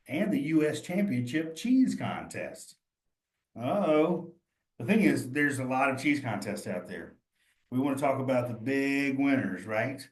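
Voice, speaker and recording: Man, exam tutor, casual think-aloud, encouraging, echoey room. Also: medium pitch. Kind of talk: study session walkthrough.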